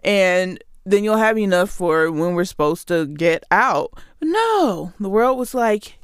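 A woman's voice: medium pitch, expressive, unhurried, hardly any pauses, smooth, no room sound, studio quality. A woman hosting a show, delivering a sarcastic, exasperated comedic rant straight to her listeners. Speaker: podcast host.

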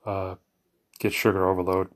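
A man's voice: deep voice, completely flat delivery, brisk. A middle-aged man chatting casually on a live stream from his phone, meandering and correcting himself with lots of fillers. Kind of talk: rambling casual monologue.

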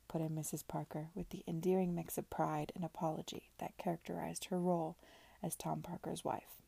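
A woman reading a novel aloud in a gentle, unvoiced whisper, a whispered role-play, with small voice changes for the characters. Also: sits low, flat delivery, a little fast, creaky, breathy edge, no room sound. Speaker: reader.

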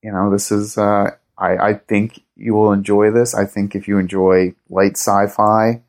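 Interviewed as a writer and producer, a man speaks a little slowly in a fairly low voice with flat delivery. Still, he chats casually and enthusiastically like a fan, rambling with plenty of fillers and restarts.

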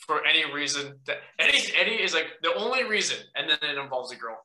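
Bright young man in an echoey room. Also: fairly high pitch, animated, fast talker. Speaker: podcast co-host. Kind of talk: casual chat.

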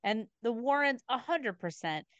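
A woman's voice: a little high, animated, moderate pace, a bit bright, clear, resonant tone, no echo, highs cut off. A woman co-hosting a podcast, chatting casually with blunt, sarcastic opinions and heavy swearing. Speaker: podcast co-host. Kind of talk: casual chat.

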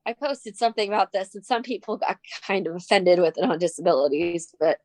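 Young woman guest, slightly low voice, tearful, soft-spoken, very dry close sound. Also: expressive, a little fast, dry recording. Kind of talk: emotional personal conversation.

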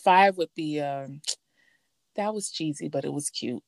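A woman's voice: sits low, a little slow, gravelly, dry recording. A woman hosting a casual chat, playful and teasing, reading out lines with a laugh. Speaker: host.

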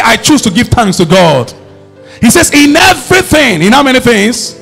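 A man preaching a sermon, emphatic and rising to shouts as he calls on the congregation to respond. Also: extremely high pitch, sing-song, moderate pace, vocal fry, breathy edge, faint music behind.

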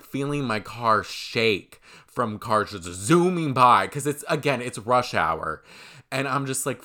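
Bright-voiced man rambling a storytime. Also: medium pitch. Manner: rambling, filler-heavy, swears. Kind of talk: casual storytime.

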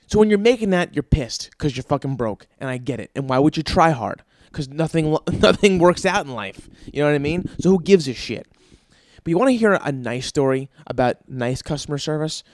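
A young man hosts his podcast in a profane, exasperated rant. His voice sits a little high. The sound is dry and close, with no room around it. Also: lively intonation, moderate pace, dry recording. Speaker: podcast host. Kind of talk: ranting comedic monologue.

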